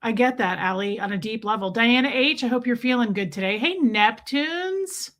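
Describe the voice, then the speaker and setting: A woman's voice: fairly high pitch, lively intonation, normal speed, a bit bright. A woman hosting a casual livestream, chatting playfully and reading viewers' names aloud. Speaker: livestream host. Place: countryside home.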